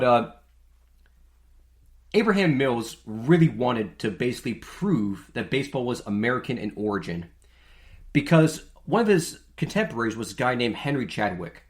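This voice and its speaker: A man hosting a podcast in a casual monologue, chatty and jokey with lots of filler words. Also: medium pitch. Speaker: podcast host. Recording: echoey room.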